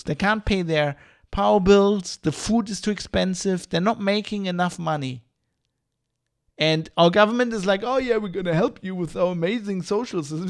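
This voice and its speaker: A man hosting a podcast livestream, ranting in a heated, profane, rambling way. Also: high voice. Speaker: podcast host.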